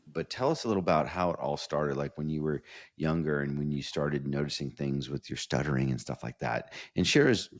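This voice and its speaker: A man with a very low, deep voice hosts a casual podcast interview. He talks with gushing enthusiasm, often stumbling and restarting his phrases as he goes. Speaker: podcast host.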